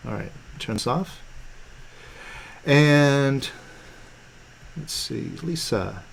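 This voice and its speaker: A man hosting a live online teaching session, talking in a relaxed, conversational way with fillers and restarts. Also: medium pitch, extremely slow, creaky, husky. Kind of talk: casual teaching talk on a video call. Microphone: video call.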